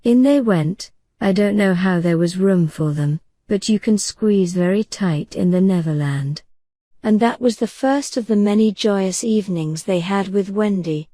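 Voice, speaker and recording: A woman narrating a bedtime audiobook in a gentle, unhurried, soothing manner. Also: mid-range voice, no room sound. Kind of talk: soft bedtime story narration.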